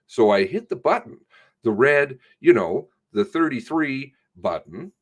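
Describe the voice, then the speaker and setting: A man, a police sergeant, recounts an incident in a recorded statement, stumbling and swearing as he goes. His pitch swings up and down with feeling. He speaks at an unhurried, drawn-out pace. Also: sing-song, husky. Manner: halting, profane, self-correcting retelling.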